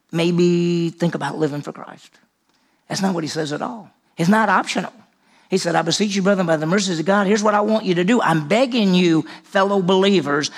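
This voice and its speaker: A man, a senior pastor, preaching a conversational sermon, quizzing the congregation and dropping to a hush on key lines. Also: high-pitched.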